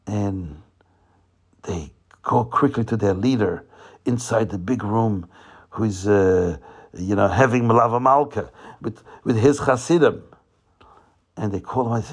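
A man telling a religious folk tale in an animated way, often repeating phrases for emphasis. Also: lowish voice, unhurried, pauses often, breathy edge. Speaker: storyteller.

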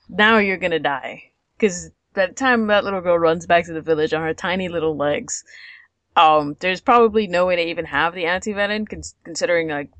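A woman's voice: lowish voice, a bit bright, no echo. A woman co-hosting a podcast, recapping episodes in casual chat, laughing often and acting out the characters' lines. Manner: chatty, laughs often, acts out quotes. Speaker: podcast co-host.

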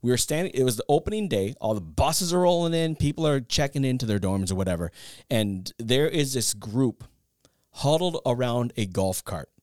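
A man co-hosting a casual podcast, telling anecdotes with animated energy and laughing along at his own punchlines. His voice sits at a middle pitch and is recorded close and dry, with no room sound. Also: normal speed, dry recording. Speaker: podcast co-host. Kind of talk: casual chat.

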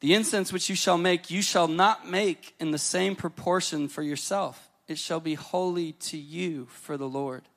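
Earnest high-voiced American man preaching. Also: a little slow, few pauses. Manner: earnest, tender, repeats words when excited. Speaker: guest pastor. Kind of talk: sermon.

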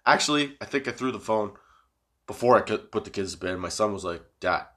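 A man hosting his own podcast, rambling in a casual, profane, self-mocking way after staying up all night high. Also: animated, fast talker, fairly bright tone. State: sleepless and high. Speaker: podcast host.

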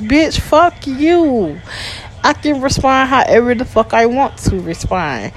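A woman, venting in a profane, exasperated voice message. Her voice sits at a middle pitch. A faint hiss runs under the recording. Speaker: voice message poster. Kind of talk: ranting voice message.

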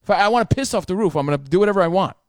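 A man telling a story in casual chat, animated, heated and profane. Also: sits high, very fast, no room sound, studio quality.

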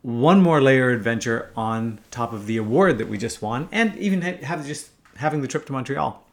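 A man's voice: mid-range voice, animated, normal speed. A man in his fifties from Canada, telling a first-person story in a wry, casual way, swearing freely. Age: 50s.

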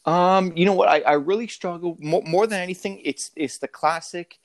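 A man's voice: high voice, normal speed, dry recording. A man in his thirties, a father talking in a casual interview, hesitant and full of fillers and restarts.

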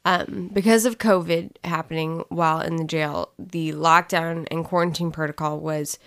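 A woman's voice: sits low, fairly even intonation, moderate pace, fairly bright tone. A woman talking candidly in a casual testimony chat, rambling and emotional as she tells her story. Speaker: co-host sharing her story.

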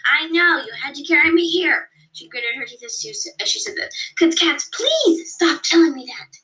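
A woman's voice: a little high, fast talker, bright, forceful tone, poor audio. A woman voicing a young female cat who is anxious but plucky, reading it aloud in a slightly raised voice. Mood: irritated.

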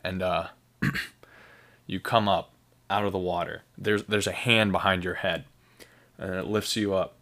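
Rambling low-voiced man reviewing beer. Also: steady tone, measured pace, long pauses, bright, forceful tone. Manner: rambling, enthusiastic, lots of fillers and restarts. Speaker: podcast host. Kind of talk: casual solo podcast, beer review.

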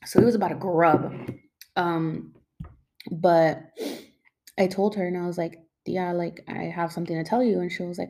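A woman's voice: fairly low pitch, steady tone, moderate pace, pauses often, mellow. Rambling young woman telling a personal story. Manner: rambling, filler-heavy, emotional.

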